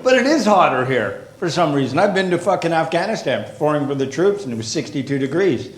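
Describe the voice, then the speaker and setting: A man doing a stand-up comedy routine on stage, ranting with heavy profanity and rising to shouted exasperation. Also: a little high, big pitch swings, fast talker. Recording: echoey live club with crowd. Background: audience laughter.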